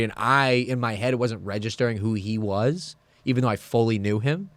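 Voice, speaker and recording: A young man co-hosting a podcast, talking quickly and animatedly as he tells stories, with some swearing. His voice has a middling pitch, and the close mic is dry, with no room echo. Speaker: podcast co-host. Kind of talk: casual chat.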